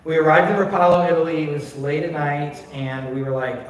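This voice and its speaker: A man's voice: a little high, steady tone, fairly quick, a little hiss or hum. A man pastor preaching a candid, conversational sermon full of personal stories and filler words, recorded on a phone in a church. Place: church sanctuary. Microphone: phone recording from a distance. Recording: distant, very echoey phone stream of a church.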